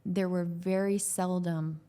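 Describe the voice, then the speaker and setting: A woman's voice: fairly low pitch, fairly even intonation, slow pace, dark tone, clean tone. A woman who works as a growth coach and is a parent of young children. She talks about parenting as a podcast guest, in an earnest, loose way with many "like"s and restarts.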